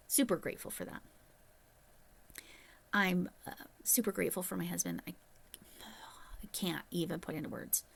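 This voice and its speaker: A woman's voice: fairly low pitch, vocal fry. A middle-aged woman, a retired teacher, talking candidly and chattily to her viewers in a casual vlog. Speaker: retired teacher turned crochet YouTuber. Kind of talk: casual vlog chat to camera.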